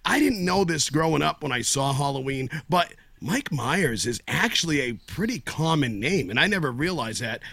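Man, guest podcast co-host, gravelly, bright tone, dry close sound, joking rambler. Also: on the high side, big pitch swings, moderate pace, hardly any pauses, no echo. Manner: rambling, joking, stammering restarts. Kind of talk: casual chat.

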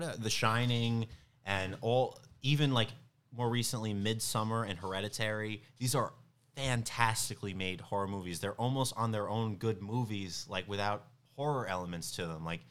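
A young man with a slightly low voice, guest on a casual podcast. He talks in an animated, loose way, laughing often and saying "like" constantly. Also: clean tone. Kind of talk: casual chat.

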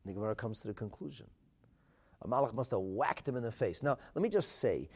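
A man teaching a Talmud class, animated and emphatic, asking rhetorical questions and mixing in Hebrew terms. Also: mid-range voice, fast, creaky, husky. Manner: mixes in Hebrew and Aramaic terms.

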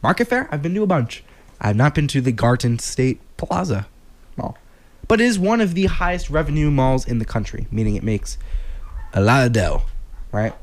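A young man from New Jersey hosts a late-night college radio show at a moderate pace, his medium-pitched voice swinging widely. He rambles, cracks jokes, and corrects himself as he goes.

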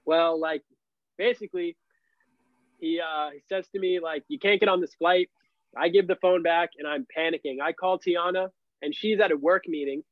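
A man's voice: fairly high pitch, normal speed, dry recording. Young man telling a story, lots of "like". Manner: animated, heavy use of "like" fillers. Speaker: podcast guest. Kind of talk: casual storytelling. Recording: dull, lo-fi and dry.

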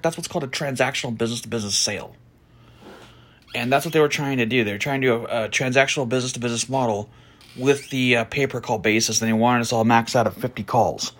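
In a casual storytelling monologue, a man with a mid-range voice recounts a past job as a podcast host, bluntly and with profanity. He begins slow and soft, then gets louder, more heated, and animated.

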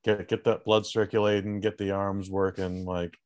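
A man's voice: low voice, flat delivery, normal speed, a little mellow. A man co-hosting a podcast in casual chat, joking and laid-back, calling people bro and dude. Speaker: podcast co-host.

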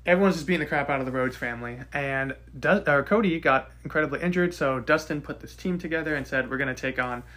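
A man's voice: on the high side, fast talker, hardly any pauses, pushed and bright. A man co-hosting a podcast, recapping and rating a wrestling show in casual, joking chat. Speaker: podcast co-host.

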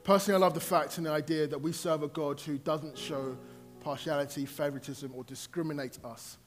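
A man's voice: a little high, fairly even intonation, brisk, soft background music. A man preaching a sermon in a conversational way, rising to emphatic points.

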